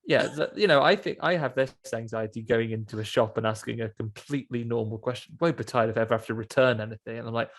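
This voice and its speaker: A man's voice: medium pitch, fast talker, hardly any pauses. Rambling, sweary man chatting films. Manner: rambling, sweary, acts out little scenes. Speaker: podcast host. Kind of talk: casual film chat.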